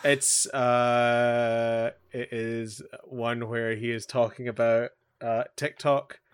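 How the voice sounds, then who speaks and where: A man co-hosts a relaxed podcast conversation. His voice sits at an ordinary pitch for a man. He speaks haltingly, with plenty of "uh" and "um" and restarts, and chuckles as he tells stories. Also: clear, resonant tone. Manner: hesitant, halting, many fillers and restarts. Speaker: podcast co-host. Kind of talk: casual chat about anime and pop culture.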